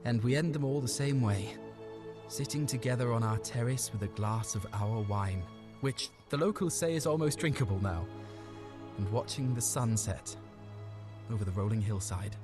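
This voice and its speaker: A man's voice: medium pitch, moderate pace, lightly acted. An actor playing a heartfelt, reflective man in a video game who speaks of finding happiness. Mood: tender. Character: grateful man, content and tender. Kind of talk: game voice acting. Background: game music.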